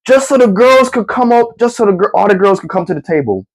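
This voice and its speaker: A man's voice: sits high, animated, fast talker, hardly any pauses, poor audio. A young man casually telling a comedic story in slangy talk, acting out his friends with gasps and laughs.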